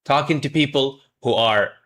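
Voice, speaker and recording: A man's voice: medium pitch, normal speed, fairly bright tone. A man teaching Japanese greetings on a livestream, joking around, mock-scolding chat and drilling pronunciation. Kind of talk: playful livestream lesson.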